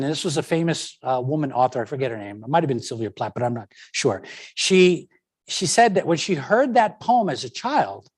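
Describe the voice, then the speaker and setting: A man giving a lecture presentation on education and language, stressing words to make his points. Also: fairly high pitch. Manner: animated, stresses words to demonstrate.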